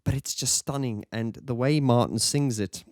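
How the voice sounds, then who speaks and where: A man's voice: medium pitch, normal speed, a little mellow, dry recording, clean studio sound. A man reviewing an album in a casual, enthusiastic, rambling monologue.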